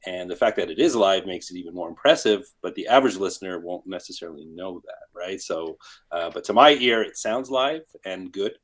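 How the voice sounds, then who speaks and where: Low husky man musing on production. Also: lively intonation, a little fast, a bit bright. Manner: rambling, thinks aloud with many restarts. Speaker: guest music producer. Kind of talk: casual panel discussion.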